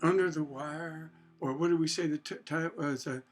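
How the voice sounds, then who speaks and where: A man with a high voice talks through a songwriting lesson in a loose, thinking-aloud way. He breaks into hummed snippets while guitar plays clearly behind him. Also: steady tone, moderate pace. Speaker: songwriting teacher.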